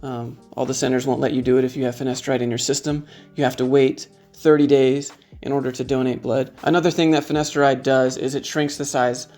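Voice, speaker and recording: A man's voice: medium pitch, level tone, fairly quick, a little mellow, soft background music. Frank, joking man talking to camera. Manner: frank, joking, conversational, shows items to the camera. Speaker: YouTube creator. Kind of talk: casual vlog talk to camera.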